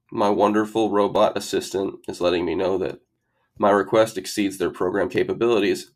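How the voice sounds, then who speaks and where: A man working as an SAT tutor, explaining grammar rules over slides in a methodical way with wry asides. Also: fairly low pitch.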